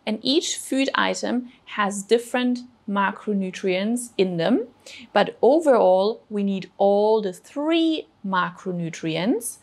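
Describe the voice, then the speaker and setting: Patient and encouraging, the woman walks kids through each step as she teaches them about food on her children's cooking show. Her voice is mid-range with a creaky quality.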